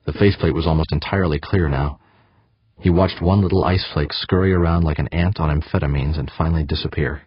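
A man reading a novel aloud as audiobook narrator in an even, measured way. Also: a bass voice, husky, dry recording. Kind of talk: scripted narration. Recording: dry, slightly dull lo-fi sound.

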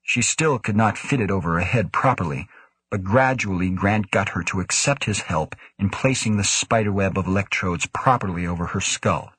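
A man narrating an audiobook in a steady, measured scripted reading. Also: sits low, breathy edge, no echo.

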